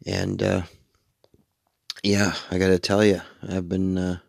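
A man's voice: deep voice, monotone, slow, creaky, darkish tone, dry recording, studio quality. A middle-aged man hosting a late-night radio show, tired and sleepy, rambling casually and swearing freely. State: sleepy, yawning.

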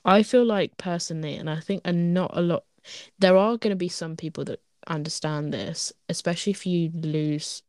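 A young woman chatting on a podcast in a slightly low voice, heavy on "like" and quick restarts. She sounds close and dry, with no room around her. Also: darkish tone, dry recording. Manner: rambling, restarting, full of "like" fillers and laughs. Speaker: podcast co-host. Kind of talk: casual chat.

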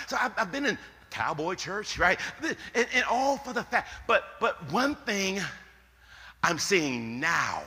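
A man preaching a sermon as pastor, swinging from loud outbursts to hushed, slowed lines. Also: on the high side. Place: church sanctuary. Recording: echoey hall.

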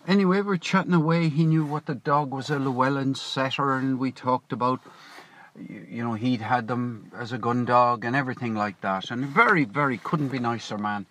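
A man's voice: mid-range voice, normal speed, a bit bright, slight background noise. A man telling a long, rambling story to camera in a casual vlog, often correcting himself and drifting into asides, speaking from a parked car. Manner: chatty, digressive, self-correcting. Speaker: vlogger.

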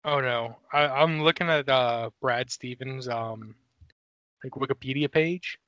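Bright-voiced man co-hosting a podcast. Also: mid-range voice, no echo. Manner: casual, quick reactions. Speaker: podcast co-host. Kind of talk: casual sports podcast chat.

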